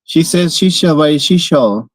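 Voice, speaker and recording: A man's voice: a little high, animated, moderate pace, no room sound, low-quality recording. A man with a Spanish accent, a native Spanish speaker, chatting playfully on a live stream and stumbling through tongue twisters. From Spain. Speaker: vlogger. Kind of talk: casual live-stream chat.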